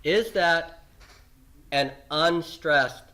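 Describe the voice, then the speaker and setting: Male teacher, unhurried delivery, bright clear tone, patient lecturing style with frequent check-ins. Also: a little high. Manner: patient and repetitive, checking in with "okay?"; lots of fillers and restarts, slowing on key terms. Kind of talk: recorded classroom lecture.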